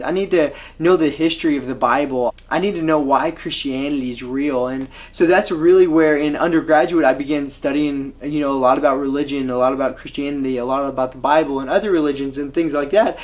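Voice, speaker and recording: A young man, his voice a little higher than most men's. He tells a personal faith testimony straight to camera, earnest and conversational. His speech is full of "you know" and "like", the way a medical student might talk through his own story. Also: fairly quick, hardly any pauses.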